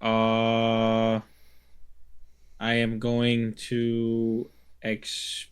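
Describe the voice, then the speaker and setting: A man playing a tabletop game, declaring his turn in a drawn-out way and humming while he thinks. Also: mid-range voice, monotone, smooth. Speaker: player.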